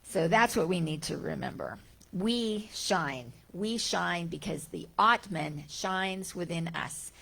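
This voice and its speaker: A woman's voice: on the low side, lively intonation, slow, gravelly, pushed and bright. A woman giving a reflective spiritual talk as a teacher, speaking conversationally and asking her listeners rhetorical questions.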